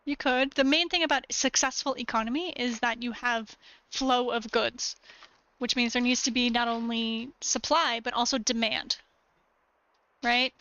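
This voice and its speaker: A woman gaming streamer with a high, bright voice, talking casually on a live stream. She gives short, clipped commands and then explains things at length. The sound is a bit dull and lo-fi. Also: fairly even intonation, moderate pace, smooth, dry recording.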